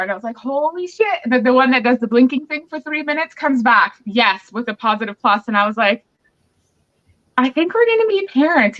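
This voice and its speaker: A pregnant podcast host with a slightly high voice and a sharp tone relays a candid story over casual chat. She performs both sides of the quarrel herself. The sound is muffled and lo-fi.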